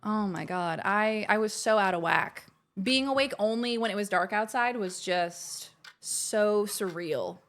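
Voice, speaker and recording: A woman's voice: medium pitch, a little slow, fairly bright tone. A young adult woman hosting a casual live game stream, chatting to viewers in a bubbly, gushing way. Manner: chatty, bubbly, gushes when greeting viewers.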